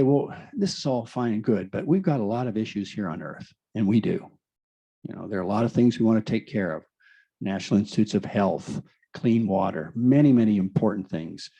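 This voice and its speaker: A man's voice: mid-range voice, dark tone, poor audio. A man giving an enthusiastic explanatory presentation, explaining through rhetorical questions.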